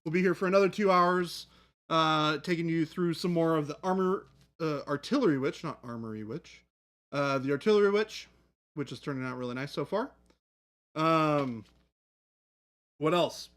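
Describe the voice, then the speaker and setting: A man's voice: fairly high pitch, normal speed, pauses often, fairly bright tone, echoey room. A man hosting a live hobby stream, chatting casually and joking with the chat. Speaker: livestream host. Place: hobby studio.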